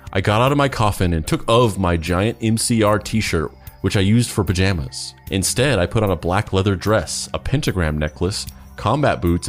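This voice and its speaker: Lively low-voiced man reading aloud. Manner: animated, laughing, mock-dramatic. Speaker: podcast host reading aloud. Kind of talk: mocking dramatic reading and banter.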